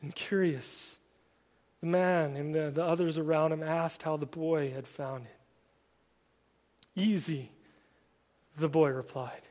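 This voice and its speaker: A man preaching a sermon in an earnest way, often stammering and restarting his phrases, and at times dropping to a soft, quiet voice. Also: fairly high pitch, fairly even intonation, unhurried. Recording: long hall reverb.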